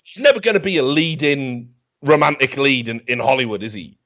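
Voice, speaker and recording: A man on a podcast, rambling through a profane, mocking comic rant about a film. His voice sits at an ordinary middle pitch, and the recording sounds dull and slightly lo-fi. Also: animated, brisk, fairly bright tone. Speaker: podcast host.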